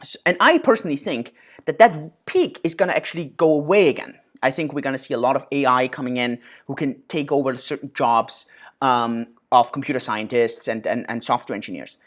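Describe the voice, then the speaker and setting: A man in his thirties hosting a casual Q&A and answering viewer questions, animated, with many fillers and restarts. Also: medium pitch, a little fast. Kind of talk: casual Q&A monologue.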